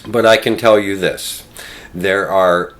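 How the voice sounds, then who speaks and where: An older man delivers political commentary at an unhurried, measured pace, pausing often on ums and uhs. His voice sits on the lower side, and he stretches his points out as he builds them. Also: fairly even intonation, fairly bright tone. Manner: slow, deliberate delivery with frequent fillers.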